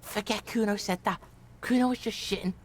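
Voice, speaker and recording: A woman's voice: medium pitch, fairly quick, a little hiss or hum, lightly acted. A woman voicing a brash, foul-mouthed young street boy in a video game who swears and talks about himself in the third person. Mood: cocky.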